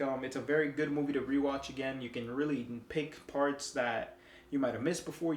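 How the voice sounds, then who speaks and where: Excitable man reviewing a film, echoey room. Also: mid-range voice. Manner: enthusiastic, rambling, with frequent fillers and restarts. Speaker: movie reviewer. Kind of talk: casual spoken movie review.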